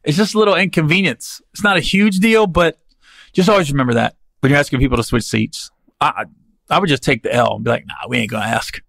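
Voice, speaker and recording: A man's voice: mid-range voice, gravelly, no echo. A man hosting a podcast, telling comic stories in a casual, slangy, rambling way. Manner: animated, slangy, rambling with restarts. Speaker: podcast host and comedian.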